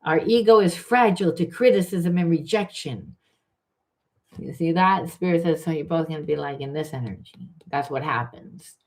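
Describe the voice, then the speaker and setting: A woman's voice: low-pitched, normal speed. A woman spiritual coach giving a candid, emphatic spiritual reading, swearing freely and acting out the voices she quotes. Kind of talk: spiritual card reading monologue.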